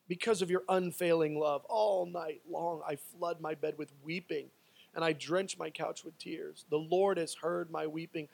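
A man preaching a sermon, moving between loud, pleading passages and quiet, intimate asides. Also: on the high side, fairly even intonation, measured pace, creaky. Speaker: pastor.

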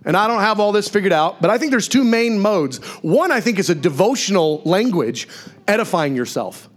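A man preaching from the pulpit with a high, bright-pitched voice that swings widely up and down. He talks to the congregation like a conversation, full of asides and quick questions. The delivery is a lively sermon in a church. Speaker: pastor.

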